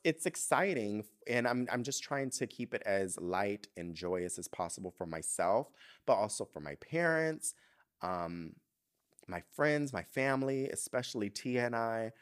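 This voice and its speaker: A young man hosting a podcast, talking candidly and emotionally in a casual chat, swearing freely. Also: medium pitch. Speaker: podcast host.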